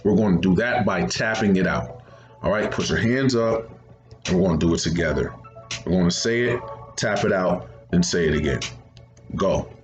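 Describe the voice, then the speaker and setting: A man's voice: sits low, normal speed, roomy sound, highs cut off, faint music behind. A man teaching a second grade phonics lesson, patiently repeating each step.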